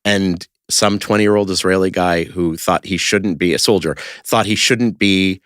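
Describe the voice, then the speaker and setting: A man's voice: low-pitched, fairly even intonation, a little slow, fairly bright tone, dry recording, studio quality. A man talking casually as a podcast guest, telling stories in a rambling way with lots of fillers and restarts. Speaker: interview guest, creator of a street-question video project.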